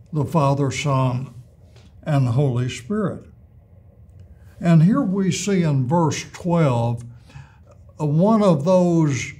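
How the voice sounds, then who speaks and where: A man teaching an adult Bible class, reading scripture aloud and explaining it in a measured way with pauses and restarts. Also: fairly high pitch, a little mellow, slightly rough.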